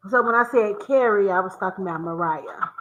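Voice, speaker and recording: A woman with a Southern American accent hosting a playful word game with friends, teasing and laughing often as she drags out her words. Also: medium pitch. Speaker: host. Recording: echoey room, dull lo-fi sound.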